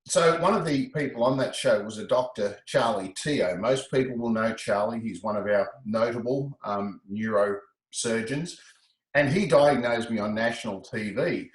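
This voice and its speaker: A middle-aged man, a guest telling his story in a casual interview, animated and quick to laugh. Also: mid-range voice, echoey room, poor audio. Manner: animated, breaks into laughter, repeats words.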